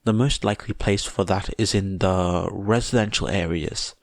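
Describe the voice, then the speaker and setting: A man's voice: sits low, fairly even intonation, normal speed, gravelly, no echo, clean studio sound. A man voicing an earnest teenage male hero student who trails off hesitantly.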